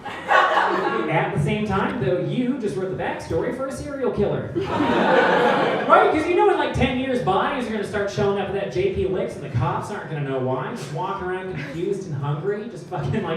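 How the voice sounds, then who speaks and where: A young man delivers a stand-up set on a club stage, his voice high and bouncing all over as he acts out every character. The sound is distant and very roomy, with a crowd laughing loudly around him. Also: a little fast. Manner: animated storytelling, acts out characters. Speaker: stand-up comedian.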